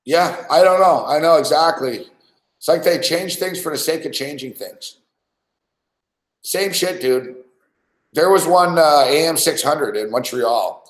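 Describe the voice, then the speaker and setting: A man's voice: on the high side, lively intonation, measured pace. A man hosting a podcast, telling a rambling, profane story in casual chat and laughing often. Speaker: podcast host. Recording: roomy echo.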